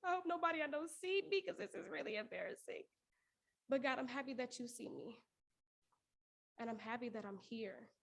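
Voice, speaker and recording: A woman's voice: fairly high pitch, normal speed, vocal fry, long pauses, fairly bright tone. A woman performing a spoken word piece as a prayer monologue, earnest and pleading, with laughs breaking through. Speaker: poetry performer.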